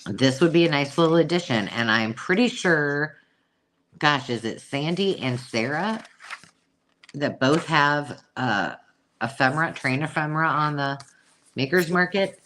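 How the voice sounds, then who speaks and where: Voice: mid-range voice, lively intonation, unhurried, fairly bright tone, slight background noise. A host chatting casually through a live sale, self-mocking and cooing over old pictures. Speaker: host selling vintage books.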